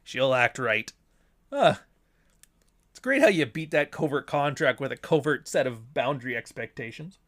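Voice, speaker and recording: A man of middle pitch hosting a casual livestream and answering chat. He talks bluntly and swears freely, with a sardonic edge. He keeps putting rhetorical questions to himself and then answering them. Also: expressive, normal speed, fairly bright tone. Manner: asks and answers his own rhetorical questions.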